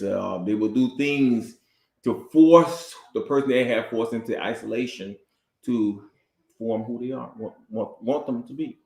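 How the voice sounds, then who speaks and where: A man with a somewhat low voice talks in a halting way, with fillers and repeated words as he works through his thoughts. He co-hosts a casual talk with his wife. The recording has a noticeable room echo. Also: creaky, darkish tone. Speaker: husband and co-host. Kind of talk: casual couple's talk show.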